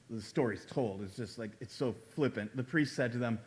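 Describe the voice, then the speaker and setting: A male pastor preaching a conversational sermon in a church, acting out quoted lines with sudden jumps in pitch and loudness. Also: brisk, hardly any pauses. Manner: conversational preaching, acts out quoted dialogue with big pitch swings.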